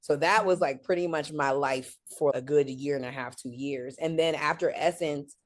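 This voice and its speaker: A woman guest in a casual interview, telling her career story in an animated way and acting out the people she quotes. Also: low-pitched, normal speed.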